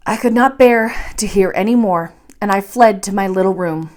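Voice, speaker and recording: Expressive woman reading a bedtime story. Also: mid-range voice. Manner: expressive, measured narration. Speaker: library storyteller.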